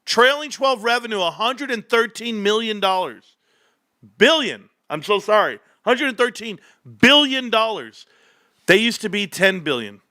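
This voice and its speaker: A man hosting a stock market livestream, talking in an excitable, joking, rambling rant. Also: high voice, a little slow, no room sound, clean studio sound. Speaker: stock market stream host.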